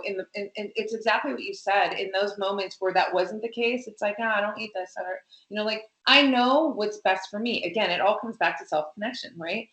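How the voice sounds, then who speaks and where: Animated woman in an echoey room. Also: medium pitch. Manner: animated, emphatic, many fillers. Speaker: interview guest, coach. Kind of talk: casual conversation.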